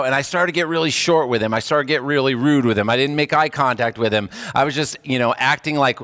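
A man's voice: fast, few pauses, fairly bright tone, big-room sound. A man, a hospice chaplain, giving a casual, conversational sermon and acting out the people he quotes. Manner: conversational, acts out quoted voices with jumps in pitch.

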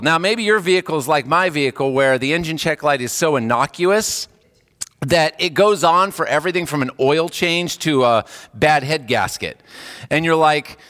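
A man's voice: sharp tone, in a large hall. A man, a hospice chaplain, giving a casual, conversational sermon and acting out the people he quotes. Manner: conversational, acts out quoted voices with jumps in pitch.

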